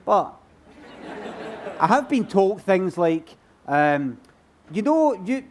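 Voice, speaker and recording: Glaswegian guy, kinda high voice, rambly and self-deprecating, live q&a on a stage. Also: big pitch swings, slow pace, pauses often, a little mellow. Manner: rambling, self-mocking, laughs through answers. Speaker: comedian guest at book festival. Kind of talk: live Q&A answering audience. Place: stage at a book festival.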